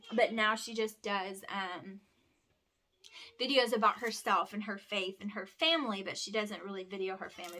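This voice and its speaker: At home indoors, a homeschooling mother and vlogger from Alabama folds laundry while chatting and rambling, restarting her sentences often because she's tired from lack of sleep. Her voice is medium-pitched, bright and forceful.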